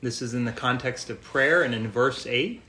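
A man preaching a sermon in a gentle, earnest way, repeating phrases for emphasis. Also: medium pitch, normal speed. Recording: echoey room, faint noise.

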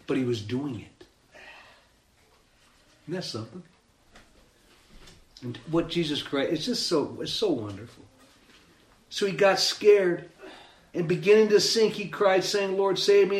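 A man preaching a sermon, animated and emphatic, acting out the story as he tells it. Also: high voice, moderate pace, long pauses, echoey room. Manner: animated, acts out the scene with rising emphasis.

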